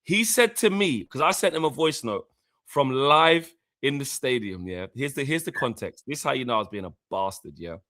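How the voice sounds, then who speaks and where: A man co-hosting a casual football podcast, telling stories in an animated, slangy way. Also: medium pitch, moderate pace. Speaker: co-host.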